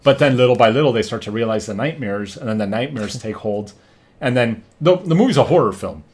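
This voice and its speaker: A man hosting a podcast in casual chat, animated and profane, often acting out what people say. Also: mid-range voice, a little fast. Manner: animated, profane, acts out quotes. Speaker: podcast host.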